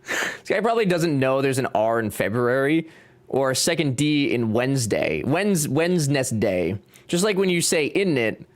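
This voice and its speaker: A man's voice: mid-range voice, sing-song, normal speed. A young man with a Cajun accent, chatting casually and joking with his live chat while he builds. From Louisiana. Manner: joking, reading chat aloud. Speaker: streamer.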